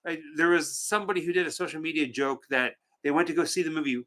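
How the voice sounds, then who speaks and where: A man's voice: a little high, quick pace, sharp tone. A man co-hosting a movie watch party livestream, chatting casually, joking and greeting viewers by name. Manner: playful, joking, theatrical greetings. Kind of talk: casual livestream chat, reading out viewer names.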